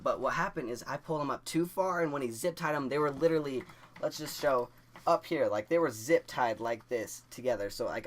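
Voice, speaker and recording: A young man tells a story to his camera in a loose, rambling way, with restarts and a filler in nearly every phrase. His voice sits at a middle pitch, and he laughs his way through the funny parts. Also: a bit bright, a little hiss or hum. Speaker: vlogger.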